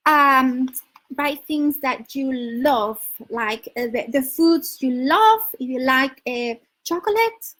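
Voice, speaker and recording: A chatty woman with a Spanish accent talks casually to her live viewers, laughing often and answering their comments. Her voice sits high for a woman. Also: unhurried, fairly bright tone, low-quality recording. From Spain. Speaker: dating advice live streamer. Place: her home in London.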